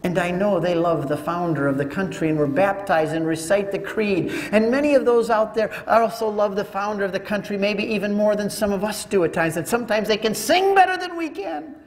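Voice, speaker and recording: An older man giving an animated storytelling talk to a live audience, acting out the voices in his story. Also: sits high, slight background noise. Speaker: speaker. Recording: echoey hall, long reverb.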